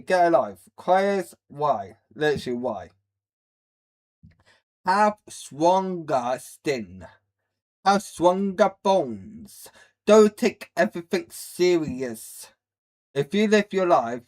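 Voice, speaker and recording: Ranting man, slow and blunt. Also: fairly high pitch. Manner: blunt, rambling, mocking. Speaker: livestream host. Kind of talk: ranting reaction commentary on a live stream.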